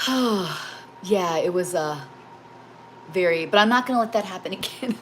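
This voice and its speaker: A woman's voice: mid-range voice, a little slow. Host, woman, middle-aged, rambling and emotional, casual livestream chat in a home kitchen with faint background noise. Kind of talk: casual chat while baking live.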